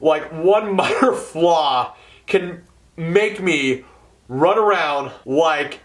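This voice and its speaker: A young man talks straight to camera in a casual rant about his workplace. His voice sits a little high for a man. He swears freely, mutters under his breath, then suddenly shouts in frustration. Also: extremely slow. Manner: storytelling with swearing, swings between mumbled asides and loud outbursts. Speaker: hotel event setup worker. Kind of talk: casual ranting vlog.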